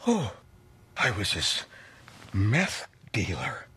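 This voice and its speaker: An actor playing an excitable husband who rambles breathlessly about a nightmare in a comedy sketch. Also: male voice, fairly low pitch, drawn-out words, slightly rough, heavily acted. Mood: rattled. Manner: breathless, rambling, frantic storytelling. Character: excitable middle-aged husband, jumpy and rambling.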